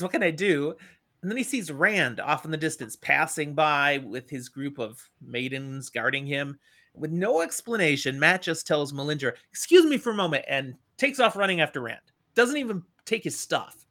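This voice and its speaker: Animated middle-aged male storyteller. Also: on the high side, normal speed. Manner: animated retelling, acting out the characters. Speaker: podcast host. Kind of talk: casual book discussion.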